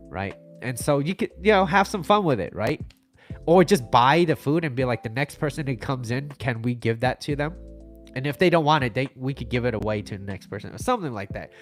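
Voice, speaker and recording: A young man from the United States chatting casually on his livestream, rambling through stories and reading out viewer comments. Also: medium pitch. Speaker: livestream host.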